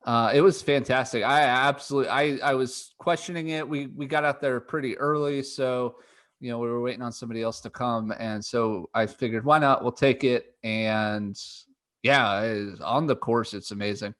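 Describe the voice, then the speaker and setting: A man's voice: medium pitch, steady tone, normal speed, a bit bright. A man co-hosting a golf podcast in casual chat, talking in a chatty way, often repeating himself and laughing. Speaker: podcast co-host.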